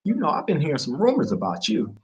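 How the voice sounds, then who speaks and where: A man voicing a female prison counselor in a story, speaking in a measured, questioning way. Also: fairly high pitch, wildly swooping pitch, husky, dull audio, voice pushed up, full character voice. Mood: probing.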